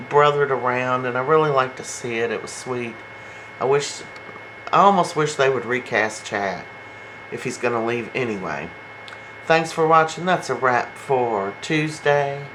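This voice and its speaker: A man's voice: medium pitch, animated, measured pace, fairly bright tone, slight background noise, poor audio. A man casually recapping a soap opera episode in a gossipy, chatty way. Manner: gossipy and chatty, retells scenes with quotes.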